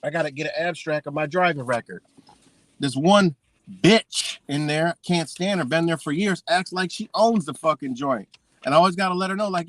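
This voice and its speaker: A man in a heated, rambling live-stream rant, his talk full of swearing. His voice sits fairly high for a man. The sound is close and dry, with no room echo. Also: moderate pace.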